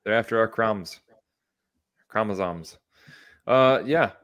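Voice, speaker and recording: A man's voice: on the low side, slow, a bit bright. A young man co-hosting a podcast in casual, joking chat, full of "dude" and "bro". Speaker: podcast co-host.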